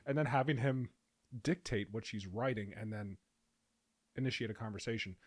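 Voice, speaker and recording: A man co-hosting a casual podcast chat, explaining at length and reading quotes aloud slowly. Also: on the low side, husky, no room sound. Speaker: podcast co-host. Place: podcast recording room.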